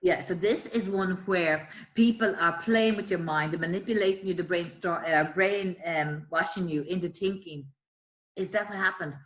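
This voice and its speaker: An earnest woman with a slightly low voice talks through examples in conversation. She explains patiently and slips into the voices of the people she describes. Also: moderate pace, few pauses, low-quality recording. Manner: earnest, acts out quoted voices, trails off softly. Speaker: guest explaining bullying. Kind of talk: explanatory chat.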